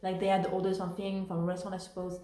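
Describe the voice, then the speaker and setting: A woman's voice: lowish voice, monotone, very fast, dark tone. Chatty woman in an echoey room. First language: French. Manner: rambling, full of fillers and self-corrections. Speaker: vlogger telling work stories. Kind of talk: casual storytelling.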